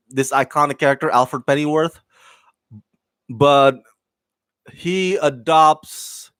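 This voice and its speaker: A man talks through a show review in a loose, rambling way, full of ums and restarts. His voice sits at an ordinary middle pitch, and he laughs easily and stays upbeat. The sound is dry and close, with no room around it. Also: a bit bright, no echo. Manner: rambling with many fillers and restarts; enthusiastic, laughs often. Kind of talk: casual review commentary.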